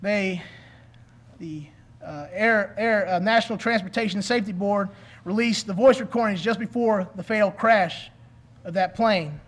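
A man's voice: high-pitched, moderate pace, a bit bright. A man preaching a sermon in an earnest, pleading way, asking his listeners questions.

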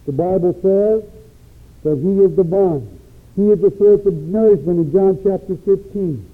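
A man's voice: high-pitched, moderate pace. A man preaching a sermon with an emphatic, rising and falling cadence. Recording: tinny phone-like recording.

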